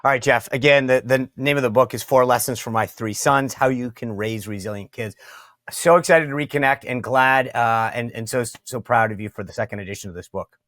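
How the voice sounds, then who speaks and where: A man's voice: mid-range voice, fairly quick, a bit bright, dry recording. A man hosting an interview show, conversational with frequent restarts. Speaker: show host. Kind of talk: interview and sign-off.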